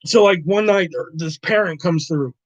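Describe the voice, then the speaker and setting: A young man telling a work story casually, animated and profane, laughing now and then. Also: high-pitched, moderate pace, no echo. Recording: dull dry lo-fi recording.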